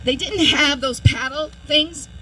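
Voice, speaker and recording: A woman's voice: high voice, measured pace, pushed and bright, a little hiss or hum, low-quality recording. A woman giving a personal testimony speech at an outdoor public event, telling her story with vivid detail and imitating beeping sounds. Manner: storytelling, imitates heart monitor beeps. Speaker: speaker at a public demonstration.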